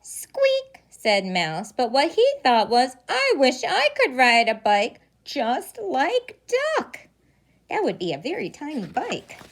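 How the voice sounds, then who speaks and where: A preschool teacher reading a picture book aloud to young children, pausing for gasps and questions along the way. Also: female voice, high-pitched. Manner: animated storytelling with gasps and questions.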